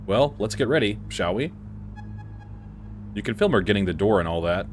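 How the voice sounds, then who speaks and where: A pushy, ambitious female TV reporter from a video game, talking in a brisk and persuasive way with a low voice, as a man reads her lines aloud. Her voice moves a lot in pitch as she coaxes and pushes. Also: lively intonation, soft background music, lightly acted. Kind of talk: reading game dialogue aloud.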